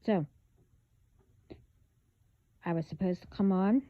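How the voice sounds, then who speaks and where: A woman talking bluntly in a casual spiritual vlog, halting, with many fillers and restarts. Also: mid-range voice, no room sound. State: hiccups. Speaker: vlogger. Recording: phone-like band-limited audio.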